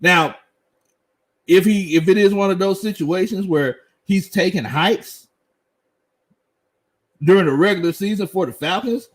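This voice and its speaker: A man's voice: high voice, measured pace, long pauses. A middle-aged man hosting a casual sports live stream, reading viewer comments and laughing often. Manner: laughs often, animated, Southern slang. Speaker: sports show host.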